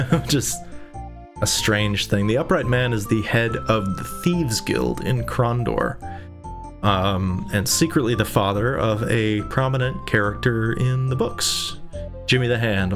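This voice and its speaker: A man hosting a let's play, chatting casually about the game with rambling, amused asides. His voice sits in a middle register but swings up and down a lot, and faint game music plays underneath. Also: mid-range voice. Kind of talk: casual gameplay commentary.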